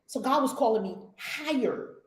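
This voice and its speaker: A woman from the United States leading a spiritual community session, telling stories in an expressive, blunt, sometimes profane way. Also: fairly high pitch, moderate pace, reverberant, rough recording. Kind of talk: animated storytelling talk.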